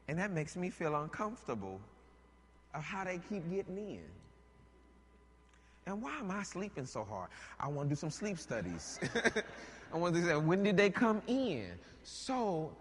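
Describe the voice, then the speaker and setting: A man preaching a sermon, animated and joking, rising to shouts at times. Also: sits high, measured pace, long pauses, big-room sound, a little hiss or hum.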